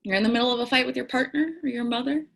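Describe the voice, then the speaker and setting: This young woman's voice is a little high, gravelly and a bit bright, and she talks in rapid-fire bursts. She reflects openly on tarot and self-care to camera, chatty and occasionally laughing at herself.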